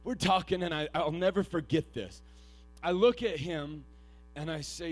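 A man with a fairly high voice delivers an earnest sermon. He tells stories quietly and haltingly with frequent restarts, then rises into loud, shouted exhortation. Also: soft background music. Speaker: preacher.

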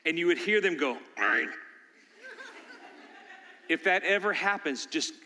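An older man preaching a sermon as pastor, telling a story that builds to loud, animated bursts. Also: high-pitched, fairly quick, a little hiss or hum. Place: church sanctuary. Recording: long church hall reverb.

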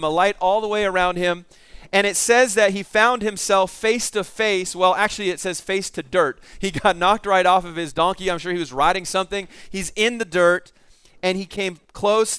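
A man's voice: sits high, fairly even intonation, moderate pace, a bit bright, clear, resonant tone, dry recording. A middle-aged male pastor preaching a sermon, telling the story with animation and acting out the voices in it.

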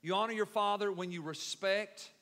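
A middle-aged man preaching a sermon as pastor, building from quiet, measured talk up to loud, forceful preaching. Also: high-pitched. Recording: echoey hall reverb.

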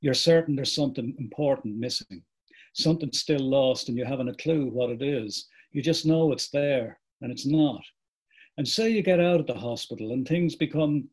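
A man reading aloud as a middle-aged father reflecting on lost memory, in a slow, reflective way. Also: mid-range voice, a little mellow, husky, close to an everyday voice. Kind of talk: reading a book passage aloud.

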